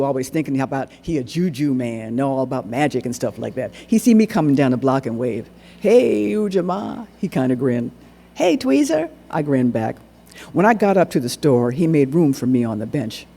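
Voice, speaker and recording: A man performing a dramatic monologue on stage, narrating in an animated, dialect-rich storytelling voice. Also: medium pitch, a little fast, husky. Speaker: solo performer. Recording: echoey hall recording.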